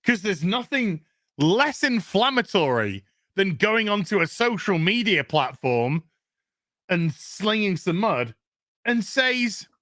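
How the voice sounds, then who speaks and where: Ranting man, bright high voice. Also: slow pace, no room sound, clean studio sound. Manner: animated, profane, sarcastic. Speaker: show host. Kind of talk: casual ranting commentary. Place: home kitchen.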